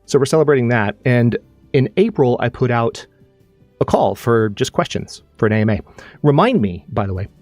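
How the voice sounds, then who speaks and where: A man's voice: mid-range voice, animated, normal speed, a little mellow, no room sound, faint music behind. A man hosting his own live stream, chatting casually and animatedly, rambling with restarts while he plays a game. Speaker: streamer and channel host.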